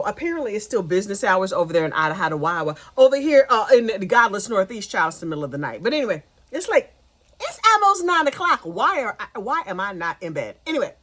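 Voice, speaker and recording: A woman hosting a gossip channel, recapping news with animated, playful, sassy asides. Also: medium pitch, fairly quick.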